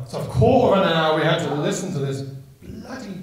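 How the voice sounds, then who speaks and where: A man's voice: sits high, animated. Chatty man telling a story in an echoey hall. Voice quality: chatty, laughs often, throws in quick asides. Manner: brings the audience into the story. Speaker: storyteller performing a one-man show. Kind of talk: comic storytelling to a live audience. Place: small hall with an audience.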